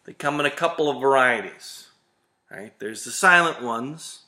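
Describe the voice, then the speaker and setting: A man's voice: medium pitch, a little slow, pushed and bright. A man ranting to camera on his vlog, exasperated and sarcastic, swearing now and then. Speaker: vlog host ranting about liquor. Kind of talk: comedic rant to camera.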